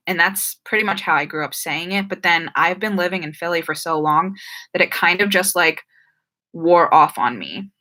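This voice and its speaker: Bright chatty woman with a Jersey accent. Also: fairly low pitch. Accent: New Jersey and Philadelphia. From New Jersey. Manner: chatty, frequent "like" and "um", trips over words. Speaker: YouTuber hosting a live stream Q&A. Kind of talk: casual live-stream chat.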